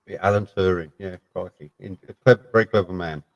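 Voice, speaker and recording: A man's voice: sits low, quick pace, gravelly, no room sound, dull audio. A man in a casual late-night live chat with friends, talking in blunt, sweary banter.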